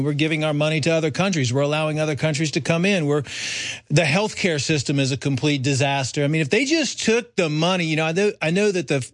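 A man's voice: a little high, no room sound, studio quality. Earnest man lecturing as radio guest. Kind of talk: talk radio discussion.

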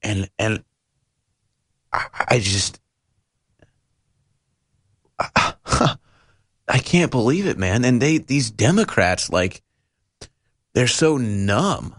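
A man's voice: medium pitch, big pitch swings, extremely slow, pauses often. Impassioned male talk radio host. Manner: emphatic and indignant, repeats phrases.

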